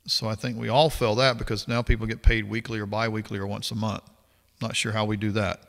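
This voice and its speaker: A man in his fifties preaching a sermon, reading scripture aloud and then commenting in a lower, confessional tone. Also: level tone, quick pace, gravelly. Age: 50s. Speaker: pastor. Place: church sanctuary. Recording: long hall reverb.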